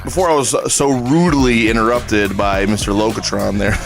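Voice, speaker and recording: A man's voice: on the low side, steady tone, moderate pace, vocal fry, music in the background. A man hosting a casual livestream, hyped and salesy, talking straight to his viewers. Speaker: livestream host.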